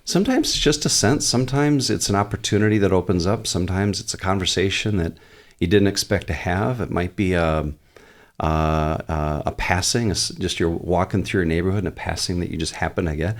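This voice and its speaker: Male pastor, deep voice, earnest teacher on a church podcast. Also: brisk. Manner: earnest, teaching, quotes prayers aloud. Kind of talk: podcast guest explaining.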